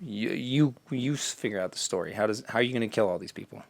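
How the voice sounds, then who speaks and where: A man co-hosting a casual gaming podcast, rambling and animated, swearing and slipping into quick voices for the people he quotes. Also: on the low side, gravelly, no echo. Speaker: podcast co-host. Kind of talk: casual chat.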